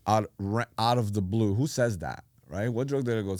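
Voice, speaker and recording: A middle-aged man, a pastor, telling his life story in animated casual talk and acting out the voices he quotes. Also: on the low side, brisk, no echo. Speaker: pastor, podcast guest.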